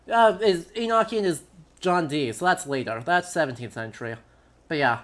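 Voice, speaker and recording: A young adult man chatting casually on a live game stream, with many "uh" fillers and a relaxed manner. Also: on the high side, normal speed. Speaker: streamer and historian.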